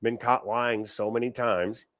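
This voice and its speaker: A male host rants in profane reaction commentary, angry and mocking. His pitch is ordinary, and he jumps between loud outbursts and muttered asides. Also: steady tone, unhurried. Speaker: show host.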